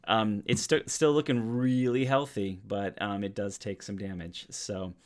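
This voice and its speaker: A man's voice: lowish voice, steady tone, unhurried. A man narrating as the dungeon master of a tabletop game, in a casual way with many fillers and restarts.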